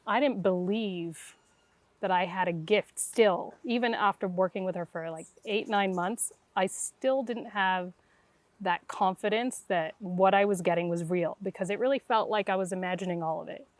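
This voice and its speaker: A middle-aged woman appearing as a guest intuitive shares her story conversationally, her mid-range voice at a moderate pace in a dry recording. She tells it animatedly, giving voice to each person she quotes.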